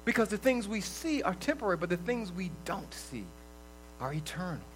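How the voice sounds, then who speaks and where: A man with a fairly high voice preaches a sermon in a loose, conversational way. He swings between loud bursts and quiet asides. A faint electrical hum sits under the recording. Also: fairly quick, rough recording. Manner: lively, conversational preaching with sudden loud outbursts and soft drops. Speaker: lay preacher. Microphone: livestream recording.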